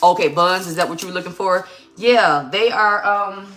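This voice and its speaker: A woman's voice: medium pitch, moderate pace, a bit bright. A middle-aged woman hosting a casual home cooking show, chatting and teasing as she works in her kitchen. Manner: chatty, teasing, thinks aloud while working.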